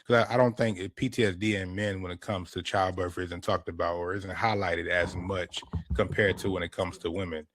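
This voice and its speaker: Low-voiced man, laid-back podcast chat, dry close sound. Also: brisk, hardly any pauses, dry recording. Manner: animated, laid-back storytelling with repeated restarts. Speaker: podcast host. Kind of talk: casual chat.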